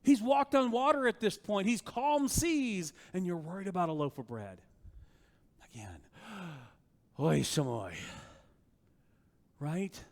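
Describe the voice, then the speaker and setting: Guy preaching, chatty and animated, keeps asking "right?", voice rings in a big reverby room. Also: high-pitched, measured pace. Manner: animated, conversational preaching with frequent "right?" and rhetorical questions. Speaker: pastor. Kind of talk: sermon.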